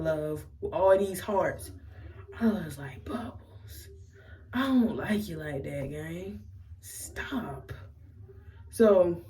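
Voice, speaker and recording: A young woman with a Maryland accent, telling a casual storytime to her camera in a slangy, animated way. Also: mid-range voice, recorded from a distance, poor audio. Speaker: vlogger.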